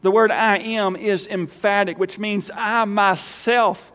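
A man preaching a sermon as pastor, emphatic, swinging between loud calls and quiet appeals. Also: high voice, steady tone, takes it slowly, hardly any pauses. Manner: emphatic, rising to loud calls then dropping soft for prayer. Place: church sanctuary. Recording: church hall reverb.

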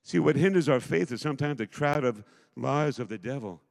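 A middle-aged man preaching a sermon as pastor, emphatic, swinging between loud declarations and hushed asides. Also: mid-range voice, expressive, a little fast, gravelly. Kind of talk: impassioned sermon. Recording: long hall reverb.

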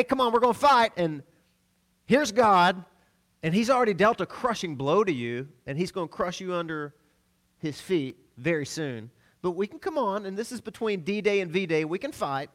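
A middle-aged man from the American South delivers a sermon in a fairly high, lively voice that rises and falls constantly. He tells stories with bursts of laughter and hushed asides, like a pastor talking straight to his congregation. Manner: animated storytelling, laughs between lines, swings loud and soft.

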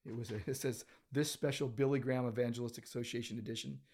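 Rambling pastor chatting on a podcast. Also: male voice, medium pitch, steady tone, fast, a little mellow. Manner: rambling, with frequent restarts and filler. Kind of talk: casual chat. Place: office full of books.

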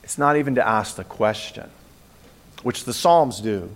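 A man preaching a sermon, telling the story with animated retellings and acted-out voices. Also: mid-range voice, measured pace. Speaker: pastor.

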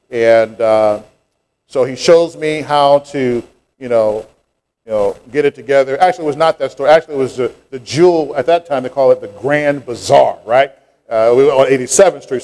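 A man's voice: mid-range voice, darkish tone. A middle-aged man, preaching a sermon and telling a childhood story with rising fervor. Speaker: pastor.

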